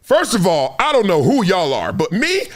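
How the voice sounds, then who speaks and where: At a moderate pace, a former football player in middle age argues his points on his own sports talk show, emphatic but conversational. The solo commentary features a voice that runs high for a man and leaps in pitch, plus frequent listener check-ins and repeated "no"s for effect.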